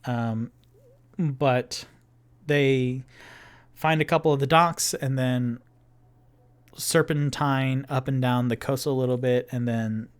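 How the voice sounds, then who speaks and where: A man runs a one-person tabletop game on a livestream, narrating slowly and loosely. He stops often on fillers and restarts his sentences as he works out the scene. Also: mid-range voice, fairly even intonation, clear, resonant tone. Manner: meandering, filler-heavy narration. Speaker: game master playing solo.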